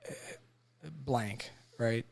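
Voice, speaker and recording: A young man on a podcast talking haltingly and often repeating his words, with his voice trailing off at times. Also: medium pitch, fairly even intonation, a little mellow. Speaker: podcast co-host, veteran. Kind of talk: casual conversation.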